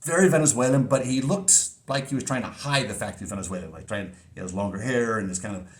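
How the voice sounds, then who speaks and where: A man's voice: medium pitch, quick pace, a little hiss or hum. A man vlogging in a casual monologue, telling a story in an earnest, emphatic way.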